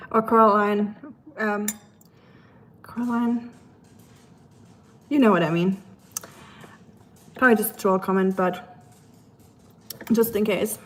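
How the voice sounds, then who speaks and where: A woman's voice: mid-range voice, flat delivery, takes it slowly, long pauses, a little hiss or hum. A young woman from Germany's Black Forest with a German accent, chatting casually with viewers on a livestream and reading their comments, with lots of fillers. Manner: chatty, switches between English and German, many fillers. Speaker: livestream host.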